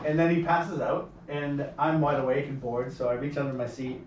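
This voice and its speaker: A man's voice: medium pitch, normal speed, a little hiss or hum. A man, a former film editor, telling a funny story and acting out what people said. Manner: animated storyteller who acts out quotes. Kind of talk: casual chat. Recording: roomy, distant, muffled recording.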